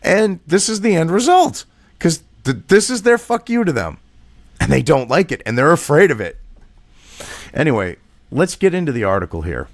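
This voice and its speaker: A man rants through sarcastic, profane commentary, reading an article aloud and picking it apart. His pitch swings widely and sits a little high for a man. The recording is dry and close. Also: big pitch swings, moderate pace, no room sound. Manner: reads an article aloud and rebuts it. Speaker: political commentator. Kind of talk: ranting commentary vlog.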